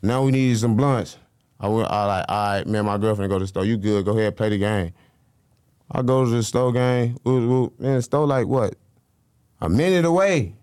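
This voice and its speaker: A man talks through his stories in a loose, slangy style. His voice comes across smooth and clear. He gets animated and acts out what other people said. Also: fairly low pitch, normal speed, dry recording, clean studio sound. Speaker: interview guest. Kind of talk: casual interview storytelling.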